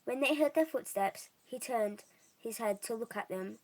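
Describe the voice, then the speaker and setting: Young woman, reading a novel aloud, homemade, slips and restarts, slightly high voice. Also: moderate pace, a little mellow, rough recording. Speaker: reader.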